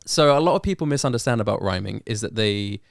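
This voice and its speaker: A man's voice: lowish voice, lively intonation, fast, gravelly, no room sound, studio quality. A British man, a guest rapper in a casual podcast chat, who explains things step by step and thinks aloud with hesitant fillers. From United Kingdom.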